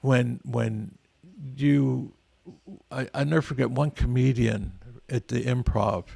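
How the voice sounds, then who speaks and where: Gravelly older man telling war stories. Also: mid-range voice, steady tone, takes it slowly, dark tone. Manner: rambling, earnest, frequent restarts. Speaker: guest, veteran. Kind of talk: casual storytelling interview.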